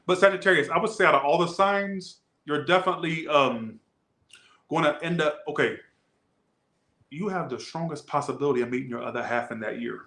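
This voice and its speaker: A man with a Southern US accent giving a casual tarot reading, animated, blunt and joking. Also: on the high side, brisk, roomy sound. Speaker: tarot reader.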